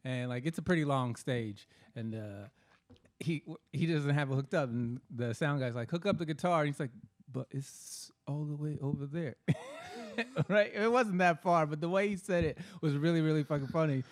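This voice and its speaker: A man's voice: fairly high pitch, fairly quick. A man co-hosting a comedy podcast, trading teasing jokes with his partner. He tells his own stage stories in a loose, chatty way. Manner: joking, teasing banter. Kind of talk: casual chat.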